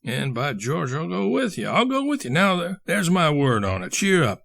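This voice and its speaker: A man voicing an exuberant, blustering older colonel and schemer who talks in hearty bursts and leaps to excited highs. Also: moderate pace, gravelly, no room sound, studio quality, heavily acted. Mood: rousing.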